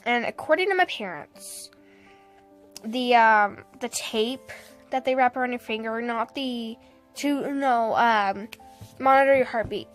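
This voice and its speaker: A woman's voice: on the high side, a little slow, soft background music. A young woman casually telling a personal story to the camera, laughing often and acting out what people said.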